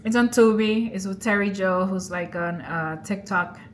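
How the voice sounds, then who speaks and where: A young woman talks through a movie's plot in a relaxed vlog, chatty and expressive, slipping into quoted lines as she goes. Her pitch sits in an ordinary middle range. Faint background noise hangs under the close recording. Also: moderate pace. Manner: chatty, animated retelling with quoted voices and laughs. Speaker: vlogger. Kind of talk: casual movie recap and review.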